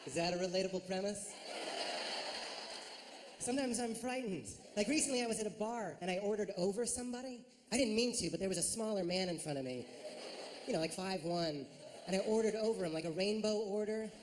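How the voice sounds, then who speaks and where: A man performing a stand-up routine on a theater stage, lively and jumping into high silly voices. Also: fairly quick. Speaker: stand-up comedian. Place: large ornate theater stage. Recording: reverberant theater with audience noise.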